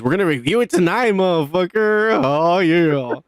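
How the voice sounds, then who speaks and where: A man's voice: high voice, expressive, moderate pace, hardly any pauses, dry recording, studio quality. A man co-hosting a podcast, talking crudely and rambling in casual drunk chat, repeating himself a lot. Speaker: podcast co-host.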